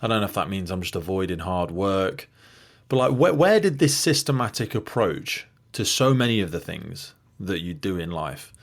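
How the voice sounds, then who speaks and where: A man in his thirties from the UK hosts a podcast interview, asking long, thoughtful, winding questions. His voice sits low with a sing-song lilt and vocal fry, at a moderate pace.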